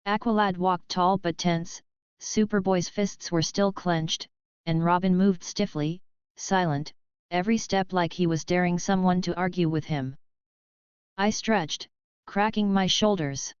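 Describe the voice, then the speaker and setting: A woman narrating an audiobook in a steady, even way. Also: fairly low pitch, measured pace, clean tone, no room sound, lo-fi sound.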